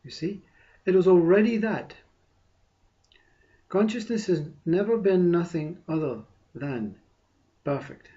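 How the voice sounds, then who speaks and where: A man giving a meditative spiritual talk, soft and unhurried, with long pauses and a repeated "you see". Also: high voice, expressive, lo-fi sound. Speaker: spiritual teacher.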